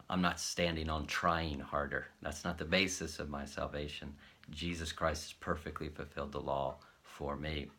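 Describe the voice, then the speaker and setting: A man hosting his channel, casually telling a story to camera and acting out the dialogue. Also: rumbling low. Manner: animated retelling, acts out quoted dialogue. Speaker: host.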